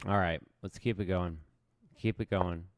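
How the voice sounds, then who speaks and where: A man's voice: low-pitched, steady tone, moderate pace, background noise. A man streaming chess live, thinking aloud as he plays in a casual, self-mocking way. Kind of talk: casual live game commentary.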